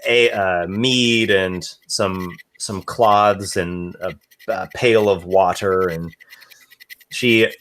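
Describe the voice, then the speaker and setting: A man narrating as game master in a tabletop game, halting, with many fillers and restarts. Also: deep voice, fairly bright tone.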